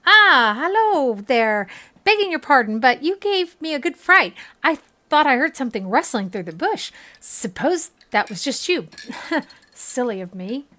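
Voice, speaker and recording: A nervous, courteous wanderer from a fantasy game, put on by a woman with a German accent. The voice sits a little high and rings bright, and it keeps its phrasing formal and old-fashioned. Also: sing-song, unhurried, exaggerated voice. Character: wary male traveler in a fantasy game.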